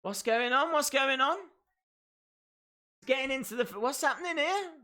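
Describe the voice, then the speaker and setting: A man hosting a live wrestling watch-along, calling the action and breaking into excited shouts. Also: very high-pitched, moderate pace. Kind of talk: live wrestling reaction commentary.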